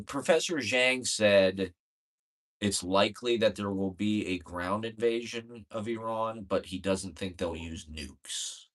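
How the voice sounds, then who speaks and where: A man's voice: deep voice, a bit bright. A man in a casual political rant, profane, exasperated and rambling, with many fillers.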